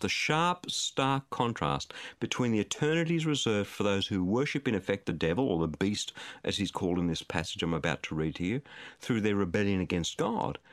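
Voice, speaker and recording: A man's voice: fairly low pitch, dry recording, clean studio sound. A man preaching a sermon in an earnest, emphatic and pleading way.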